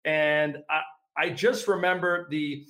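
A man's voice: a little high, fairly even intonation, slow pace, bright, forceful tone. A man hosting a sports talk interview, eager and chatty, often restarting his questions.

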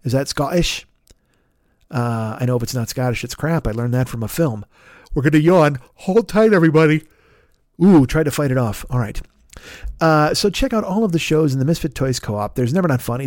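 A man with a hoarse throat, hosting a podcast and riffing loosely through plugs for other shows with plenty of swearing. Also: mid-range voice, darkish tone, dry recording, clean studio sound. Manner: loose, profane, jokey, riffing. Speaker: podcast host. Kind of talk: casual podcast plugs and chat.

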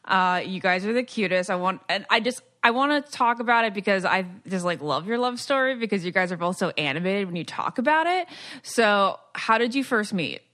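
Bright, gushing woman podcast host. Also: mid-range voice, expressive, a little fast. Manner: gushing, eager questions. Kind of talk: casual chat.

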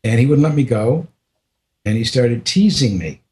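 Animated and mid-range in pitch, an older man tells an interviewer a personal story, pausing haltingly, starting over, and often sinking to a quiet voice.

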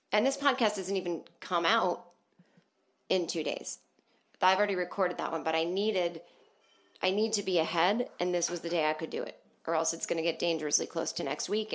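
A woman's voice: fairly low pitch, moderate pace. A woman hosting her comedy podcast, rambling and self-deprecating, swearing freely from a small soundproof booth. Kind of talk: casual comedic monologue.

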